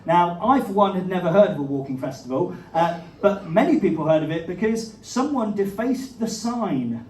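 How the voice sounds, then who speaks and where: A stand-up comedian performs live, his high, somewhat mellow voice expressive at a normal speed. Chatty and self-mocking, he often laughs at his own jokes. The roomy venue audio is captured from a distance, with audience laughter throughout.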